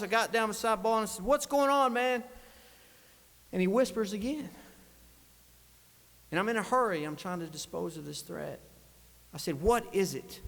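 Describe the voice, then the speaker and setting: A man's voice: sits high, gravelly, fairly bright tone. A man, a state legislator giving an earnest, emotional farewell speech in a legislative chamber. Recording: long reverb of a large chamber.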